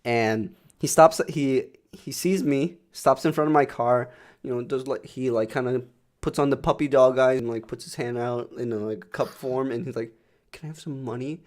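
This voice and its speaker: A man's voice: mid-range voice, moderate pace. A young man co-hosting a podcast, telling rambling, profane stories in casual chat with lots of fillers. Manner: rambling, profane, animated storytelling with many fillers. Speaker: podcast co-host.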